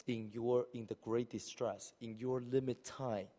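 Animated male preacher in a reverberant church. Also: a little slow. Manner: animated, acts out hypothetical speakers with rising pitch. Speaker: pastor. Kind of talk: sermon. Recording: long hall reverb.

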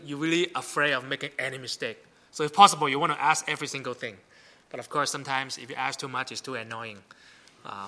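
A man's voice: medium pitch, pushed and bright. A middle-aged man preaching a sermon as pastor, chatty and often checking in with the congregation. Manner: conversational, asks the congregation "right?".

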